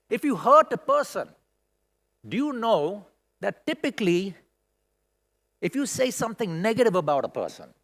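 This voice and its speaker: A middle-aged man delivers a keynote speech at a school conference hall. His voice sits fairly high and moves in wide, lively swings. He speaks with feeling and leans on rhetorical questions to carry the room. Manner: expressive, emotional, rhetorical questions. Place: large hall at a school event.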